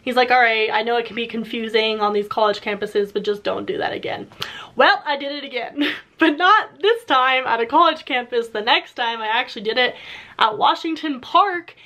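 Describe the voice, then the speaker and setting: A young woman in her twenties telling a story casually, animated, laughing often, with many filler words. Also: fairly high pitch, normal speed. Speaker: YouTuber.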